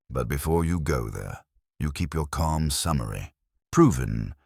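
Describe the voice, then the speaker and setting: Very deep-voiced calm male narrator. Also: gravelly, no room sound, studio quality. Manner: calm, gently wry. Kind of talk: calm scripted narration for sleep.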